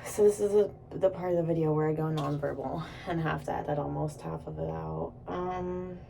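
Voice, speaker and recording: A woman's voice: sits low, fairly even intonation, brisk, vocal fry, warm tone, recorded from a distance, slight background noise. A young woman vlogging casually while doing her makeup, rambling, giggling and swearing freely. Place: indoors at home.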